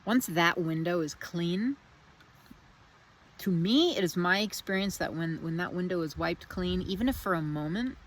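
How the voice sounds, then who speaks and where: Reflective woman musing out loud. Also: on the low side, lively intonation, moderate pace. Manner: meandering, searching, repeats phrases. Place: outdoors in the wind.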